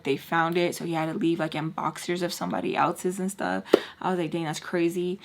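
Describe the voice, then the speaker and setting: A woman vlogger telling a long personal story in a casual, chatty way, full of "like" and quick acted-out lines from other people. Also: lowish voice. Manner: chatty, heavy use of filler "like". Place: home setup while doing makeup.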